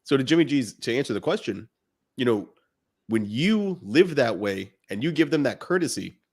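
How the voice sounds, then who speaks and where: Man, podcast co-host, casual, animated, acts out quoted lines. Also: medium pitch, normal speed, husky.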